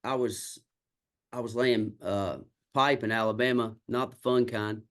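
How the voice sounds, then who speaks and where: A man with a drawl, a country songwriter, spins stories about his road to music in a casual chat. His voice sits at an ordinary middle pitch, and he tells it in a candid, salty way, playing out each quoted exchange as he goes. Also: steady tone, measured pace, fairly bright tone. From Kentucky. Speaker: country singer and songwriter guest. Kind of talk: casual storytelling interview.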